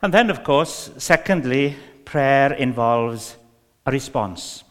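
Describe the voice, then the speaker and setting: A man's voice: mid-range voice, lively intonation, slow, long reverb tail. A man with a Welsh accent preaching a sermon, emphatic and repetitive with many fillers.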